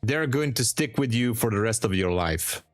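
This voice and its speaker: Faint music plays as a trading livestream host talks casually with his audience in an animated, mid-range voice at normal speed. He laughs a lot and gives upbeat, encouraging advice.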